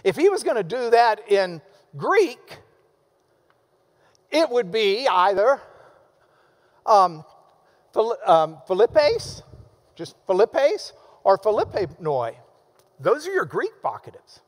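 A man's voice: high voice, sing-song, slow, pauses often, long reverb tail. A man preaching a sermon as pastor, enthusiastic and emphatic, with playful asides.

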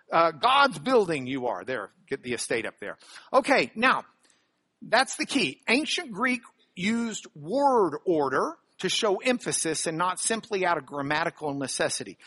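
Animated man teaching a Bible lesson. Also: a little high, breathy edge. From Texas. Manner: animated, emphatic teaching with quick asides.

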